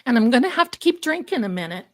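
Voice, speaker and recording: A woman's voice: a little high, sing-song, quick pace, no room sound. A woman hosting a livestream, chatty and theatrical, calling viewers her darlings, her voice congested from allergies. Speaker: livestream host. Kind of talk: casual livestream chat.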